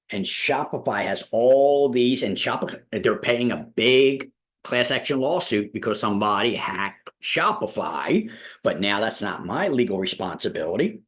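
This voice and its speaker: A man teaching a live online business class, folksy and repetitive, asking "all right?" often. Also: mid-range voice. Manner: folksy, repeats "all right?" and "ladies and gentlemen". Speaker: real estate school instructor. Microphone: video call.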